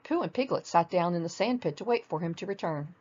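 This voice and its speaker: An older woman reads a children's storybook aloud, gentle and expressive, with a fairly low voice. The recording is dull and lo-fi. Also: quick pace.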